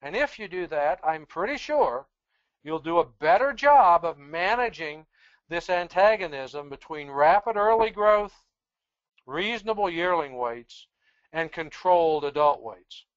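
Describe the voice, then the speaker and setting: Brief: measured lecturer, plain talk, mid pitch, dull dry audio over a computer mic. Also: expressive, no room sound. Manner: measured, explanatory, plain-spoken. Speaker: presenter on sheep breeding genetics. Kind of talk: webinar lecture with slides.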